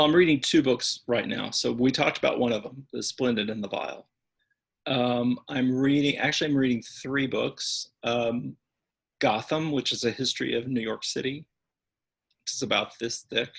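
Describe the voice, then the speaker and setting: Gravelly, husky-voiced man chatting. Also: mid-range voice. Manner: warm, chatty, self-deprecating. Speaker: church music director, interview guest. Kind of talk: casual interview chat.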